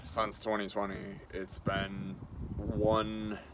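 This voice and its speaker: A man talking casually to camera in a halting way, with many pauses and fillers. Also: lowish voice, completely flat delivery, background noise. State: groggy and short on sleep. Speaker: video blogger. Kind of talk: casual spoken monologue to camera.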